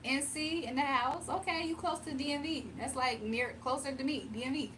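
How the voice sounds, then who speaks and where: A woman's voice: high-pitched, a little fast, fairly bright tone, far from the mic, a little hiss or hum. A woman from the US East Coast chatting casually on a morning live stream, laughing often and reading viewer comments aloud. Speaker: live-stream tarot reader. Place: home, early morning.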